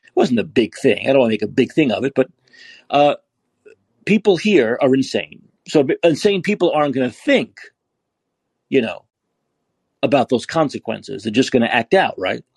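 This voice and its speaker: A man rants into the mic, sarcastic and profane, wandering off on tangents. His husky voice swings up and down with lively pitch. The sound is dry and close. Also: normal speed, long pauses, dry recording. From New York. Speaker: podcast host. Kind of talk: ranting monologue.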